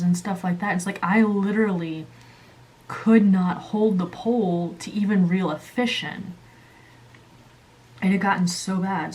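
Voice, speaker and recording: A woman hosting her channel, telling a story casually while coloring, animated and chatty, jumping up in pitch when she acts out quotes. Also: normal speed. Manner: chatty, many fillers and asides. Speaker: channel host.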